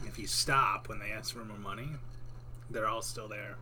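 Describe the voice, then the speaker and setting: A man narrating a tabletop game as game master, in an unhurried, rambling way with many fillers. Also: lowish voice, fairly even intonation, sharp tone, a little hiss or hum.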